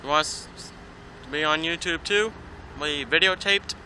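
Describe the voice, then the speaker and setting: A man's voice: fairly high pitch, moderate pace, bright, forceful tone, slight background noise. A man filming at an outdoor zoo, chatting playfully and coaxingly with parrots. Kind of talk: casual chat with birds. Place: outdoor zoo by bird enclosure. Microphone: handheld camera.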